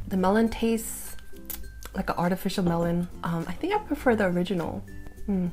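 A woman's voice: on the low side, animated, moderate pace, long pauses, darkish tone, faint music behind. A young woman in her twenties chatting casually through a taste-test vlog, thinking aloud with fillers. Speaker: food vlogger.

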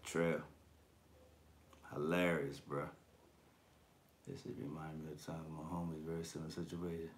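A man's voice: extremely low pitch, flat delivery, moderate pace, pauses often, a little hiss or hum. A man hosting a collectibles channel, chatting casually on a livestream and reading viewer comments. His talk is slangy and profane, and he laughs often.

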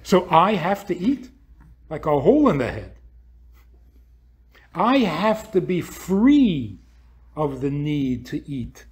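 A man's voice: on the high side, sing-song, slow, long pauses, slightly rough. A man speaking as a rabbi, lecturing an audience with provocative rhetorical questions and acting out what imagined people would say.

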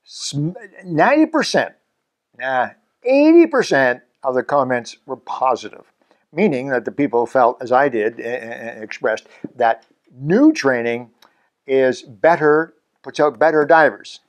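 A man's voice: medium pitch, expressive, measured pace. A man in his seventies from Canada, a scuba instructor hosting his own channel, talking casually to the camera in a chatty, self-mocking way with chuckles between points. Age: 70s.

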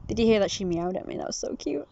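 A woman's voice: expressive, fast talker, gravelly, warm tone, highs cut off, a little hiss or hum. A British woman in a casual outdoor vlog, chatting to the camera while out on a scooter and cooing at a cat. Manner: coos in a high sing-song voice to a cat.

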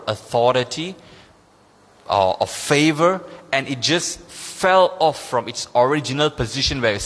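Pastor preaching in reverberant hall. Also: male voice, a bit bright. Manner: emphatic, repeats key phrases, rises in pitch when stressing points. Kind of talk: sermon. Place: church sanctuary.

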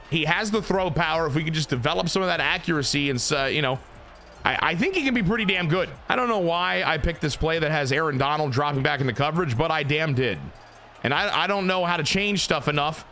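Bright, sharp-voiced man joking over gameplay. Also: fairly high pitch, slight background noise. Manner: joking, profane, self-deprecating. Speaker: gaming video host. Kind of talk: casual play-by-play commentary over a football video game.

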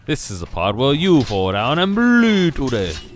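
A man casually commenting on his own gameplay, switching between excited yelps and shouts and muttered asides. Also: medium pitch, a little slow. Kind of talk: casual let's play commentary.

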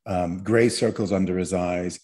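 A man's voice: low-pitched, fairly even intonation, normal speed, darkish tone. A man teaching as a podcast guest, explaining in a chatty way and tagging his points with "right?". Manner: explanatory, peppers talk with "right?". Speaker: guest therapist trainer.

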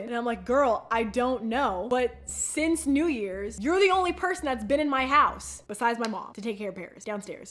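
A young woman telling a casual storytime vlog, chatty and animated, acting out quoted texts and peppering her talk with "like". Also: a little high, moderate pace, few pauses.

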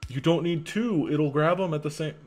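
A man's voice: fairly high pitch, moderate pace. A young man casually commentating his own gameplay, frustrated and muttering at himself about his mistakes. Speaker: gaming channel host. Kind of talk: casual let's play commentary.

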